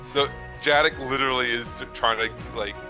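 A man's voice: medium pitch, fairly even intonation, a little fast, music in the background, rough recording. A man playing a tabletop game, chattily describing what his character does. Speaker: player. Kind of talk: casual tabletop play.

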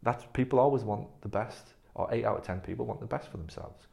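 Very low-voiced blunt man. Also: fast, creaky, darkish tone. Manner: blunt, emphatic, swears freely. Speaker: clinic owner leading staff training. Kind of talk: staff training talk. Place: physio clinic room.

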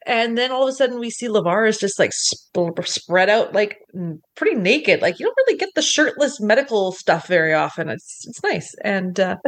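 A woman co-hosting a podcast, chatting playfully through an episode recap with plenty of fillers. She speaks at a middling pitch over a video call. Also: expressive, normal speed, hardly any pauses. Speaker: podcast co-host. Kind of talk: casual chat recapping an episode.

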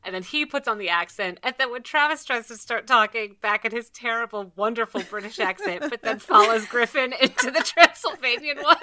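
A woman co-hosting a podcast in casual chat, animated and acting out quoted lines. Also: fairly high pitch, brisk, few pauses. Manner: animated, quotes others in playful voices. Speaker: podcast co-host.

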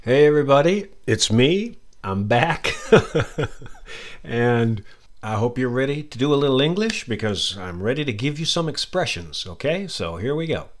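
A man's voice: medium pitch, sing-song, normal speed. An American man hosting an English-learning podcast, explaining expressions in a chatty, friendly way. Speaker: English teacher podcast host. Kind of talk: casual English lesson.

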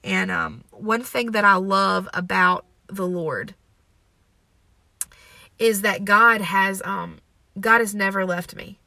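A young woman talks openly about her faith on her own podcast. Her voice is bright and a little gravelly with some vocal fry, and she speaks in an earnest, emotional, confessional way. The recording is dry and close. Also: mid-range voice, lively intonation, slow, pauses often, no room sound. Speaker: podcast host. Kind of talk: personal faith podcast talk.

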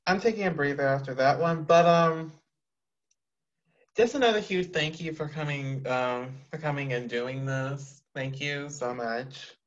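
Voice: medium pitch, unhurried, lo-fi sound. An interview host who speaks effusively and heaps praise on the guest in casual chat.

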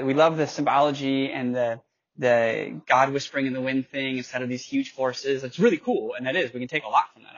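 Casting: young male Bible teacher, casual and conversational, husky tone, dull lo-fi recording. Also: medium pitch. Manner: loose and conversational, reads scripture aloud with slips and self-corrections.

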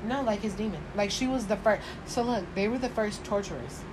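A blunt young woman talks over a show, explaining it in a bossy way and swearing freely. Her pitch sits in the middle range, and steady noise fills the background. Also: brisk. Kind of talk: casual chat while watching a show. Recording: noisy background.

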